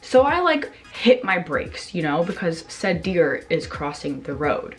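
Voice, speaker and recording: A young woman talks straight to her camera in a loose, rambling storytime, full of "like" and "you know" and sudden swearing. Her voice sits a little low for a woman. Faint music plays underneath. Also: big pitch swings, measured pace. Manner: rambling, many fillers, swears, reenacts her own reactions. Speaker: vlogger telling a story. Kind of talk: casual storytime chat.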